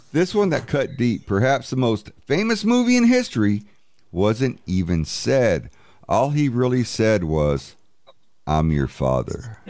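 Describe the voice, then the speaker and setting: A man's voice: mid-range voice, big pitch swings, a little mellow, no echo. A man in casual chat, quizzing the others in a teasing way and drawing out his reveals. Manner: teasing quizmaster, drawn-out dramatic reveals.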